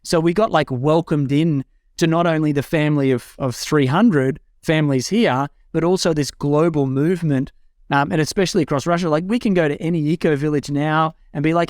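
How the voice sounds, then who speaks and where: A man's voice: fairly high pitch, brisk, a little mellow, dry recording, clean studio sound. A young adult man talking casually and enthusiastically as a guest, with frequent fillers and restarts. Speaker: guest speaker. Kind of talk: casual talk. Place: home in a rural eco-village.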